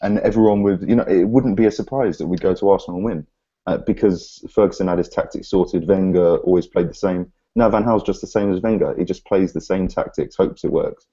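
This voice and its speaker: Mancunian man, low husky voice, matter-of-fact football talk, lo-fi sound. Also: fairly quick, mellow. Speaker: fan pundit. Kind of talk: casual football chat.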